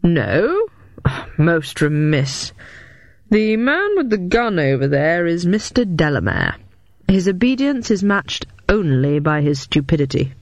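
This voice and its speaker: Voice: mid-range voice, big pitch swings, slow pace, no echo. A narrator voicing a pompous, theatrical male master criminal who savours each wicked word. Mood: mocking. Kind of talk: audiobook character voice.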